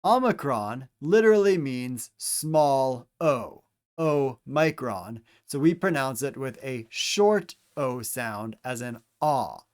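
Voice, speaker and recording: A man teaching Greek pronunciation, speaking deliberately and repeating each letter and example word for the listener. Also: mid-range voice, animated. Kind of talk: slow instructional pronunciation lesson.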